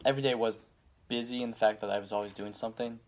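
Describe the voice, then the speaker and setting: A man's voice: fairly low pitch, fairly even intonation, rapid-fire, darkish tone. A young man from Pittsburgh with a Pittsburgh accent, chatting casually as a podcast co-host in a rambling, hesitant way. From Pittsburgh, Pennsylvania. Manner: rambling, hesitant, with many fillers. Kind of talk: casual chat.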